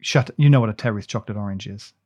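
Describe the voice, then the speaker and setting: A man's voice: fairly low pitch, fast talker, darkish tone. A man hosting a casual chat, rambling with many restarts and playful teasing. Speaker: podcast host.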